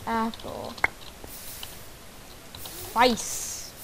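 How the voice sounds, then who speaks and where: A woman giving casual gameplay commentary, excitably guessing aloud and exclaiming at the game. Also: a little high, measured pace, slight background noise, rough recording. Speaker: gamer. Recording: background game music. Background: game music.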